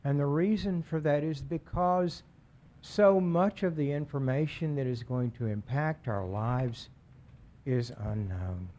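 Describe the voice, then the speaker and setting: A man addressing a city council during public comment, earnest and measured, often restarting his words. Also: a little high, dark tone, low-quality recording. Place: council chamber.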